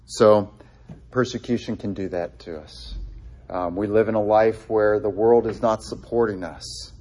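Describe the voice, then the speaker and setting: A man's voice: on the low side, steady tone, measured pace, darkish tone. A man preaching a sermon in a conversational way, with frequent fillers and restarts, quoting scripture with feeling. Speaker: pastor.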